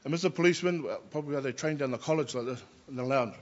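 A man, a Christian chaplain, telling lively personal stories and acting out the voices of the people in them. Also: medium pitch, very fast, lo-fi sound. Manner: animated anecdotes, acts out quoted voices. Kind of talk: personal storytelling.

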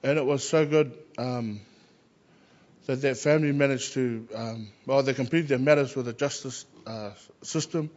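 A man, a Christian chaplain, telling lively personal stories and acting out the voices of the people in them. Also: medium pitch, normal speed, lo-fi sound. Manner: animated anecdotes, acts out quoted voices. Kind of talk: personal storytelling.

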